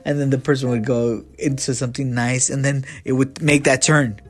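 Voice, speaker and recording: A man casually telling a story to his viewers about his time as a manager, animated and profane, and acting out both sides of the dialogue. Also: medium pitch, moderate pace.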